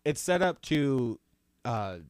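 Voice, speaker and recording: A man's voice: medium pitch, lively intonation, slow pace, clear, resonant tone, no echo, studio quality. A man hosting a casual podcast chat, laughing along and asking questions.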